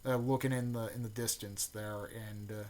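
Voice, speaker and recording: A lowish male voice at normal speed recaps a fan-made story in a loose, rambling way, with lots of fillers and restarts and excited bursts on the action beats. There's slight background noise.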